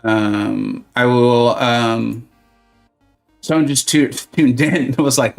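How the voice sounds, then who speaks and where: A man's voice: mid-range voice, steady tone, slow, gravelly, faint music behind. A man streaming a mobile game live, joking and self-mocking while he chats with his viewers. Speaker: gaming streamer. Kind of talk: casual live-stream commentary.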